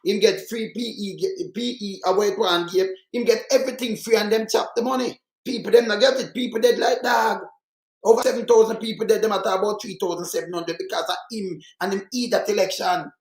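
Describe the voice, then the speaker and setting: A man's voice: high voice, steady tone, fairly quick, echoey room. A Jamaican man giving heated political commentary, fiery and mocking, repeating himself for emphasis.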